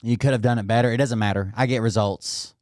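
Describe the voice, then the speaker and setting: Speaking straight to the camera, a vlogger with a medium-pitched, unremarkable voice rapidly tells an animated, heavily profane story about home, laughing along the way. His voice is close and dry, with no room sound.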